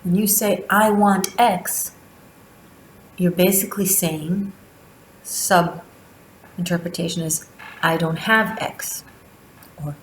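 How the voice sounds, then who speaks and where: A tarot reader with a low voice gives a spiritual monthly reading and teaching, speaking slowly and deliberately with long, drawn-out pauses between phrases. The room echoes, and there's a slight hiss or hum.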